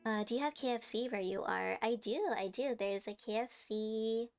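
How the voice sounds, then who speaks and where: A woman's voice: on the high side, moderate pace, faint music behind. A young woman streaming live, chatting casually and giggling as she answers her chat.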